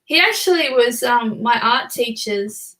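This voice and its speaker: Bright-voiced Australian woman, chatty. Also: a little high, lively intonation, measured pace. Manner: chatty, laughs easily. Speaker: guest author. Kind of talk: casual chat on a live show.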